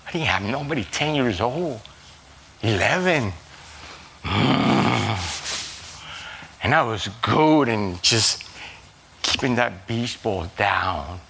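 A man preaching a sermon in a slow, halting way, repeating words and swinging suddenly between a low murmur and a high, loud cry. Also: expressive, a little hiss or hum. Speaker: pastor.

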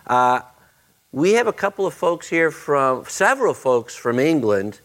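A man's voice: on the high side, sing-song, a little slow. Joking pastor addressing his congregation. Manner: joking, warm-hearted banter with the congregation. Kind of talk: church announcements and sermon opening. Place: church auditorium.

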